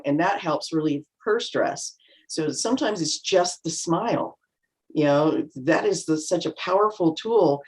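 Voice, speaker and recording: A woman's voice: deep voice, a little mellow. Chatty middle-aged woman on a video call. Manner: chatty, anecdotal, acts out little quotes. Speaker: panel guest. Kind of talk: casual panel talk.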